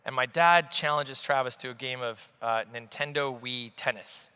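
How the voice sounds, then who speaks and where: Man in his forties, on-stage guest, bright and forceful voice, lively storyteller, hall reverb. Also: mid-range voice, moderate pace, smooth. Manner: animated storyteller, swears freely. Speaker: investor guest. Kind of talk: on-stage conversation. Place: large conference hall stage.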